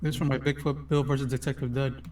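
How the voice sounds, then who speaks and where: A man's voice: medium pitch, flat delivery, quick pace, a little mellow. A man who is a comic artist guest on a casual stream, easygoing and offhand.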